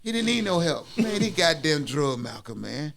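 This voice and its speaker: Gravelly guy, bright tone, cussing and laughing through stories with the boys. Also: on the high side, moderate pace, a little hiss or hum. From Atlanta area, Georgia. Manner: profane, laughing, animated storyteller. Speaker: podcast guest. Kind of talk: casual storytelling among friends.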